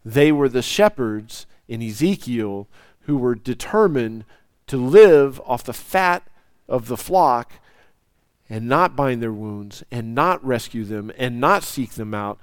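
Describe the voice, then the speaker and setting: A man preaching a sermon, swinging from loud, soaring lines down to near whispers. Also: mid-range voice, expressive, takes it slowly, clear, resonant tone, no room sound. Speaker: pastor.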